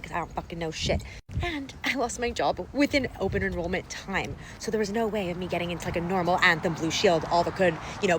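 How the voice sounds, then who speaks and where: Fast-talking, exasperated young woman. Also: fairly low pitch, background noise. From Canada. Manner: exasperated, profane ranting. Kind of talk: casual storytime vlog.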